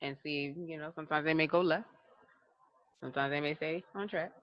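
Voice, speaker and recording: On a dry, muffled recording, a low-pitched woman speaks a little fast. She's a podcast co-host trading casual stories, animated throughout, with frequent laughs and acted-out quotes.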